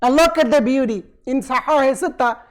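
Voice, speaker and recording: A man's voice: extremely high pitch, moderate pace. Man preaching, quoting Arabic then explaining. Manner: quotes Arabic passages then explains in English; asks the audience questions and answers them himself. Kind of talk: sermon. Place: community centre hall.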